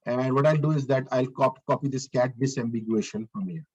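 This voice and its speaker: A man's voice: mid-range voice, fairly quick, a little mellow, breathy edge, lo-fi sound. A male lecturer giving a live online coding lesson. He talks through each step as he works, repeats his phrases and asks the class questions.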